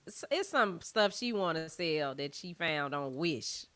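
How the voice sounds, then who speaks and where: Female podcast co-host, relaxed and conversational, bright tone, dry close mic. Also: sits low, a little slow, no room sound. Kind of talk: casual chat.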